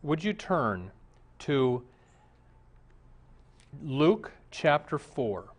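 A man's voice: fairly high pitch, big pitch swings, very slow. A man, a pastor, preaching a conversational sermon with jokes and direct questions to the congregation.

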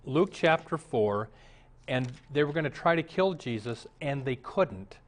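A man's voice: medium pitch, lively intonation, a little slow. A man, a pastor, preaching a conversational sermon with jokes and direct questions to the congregation.

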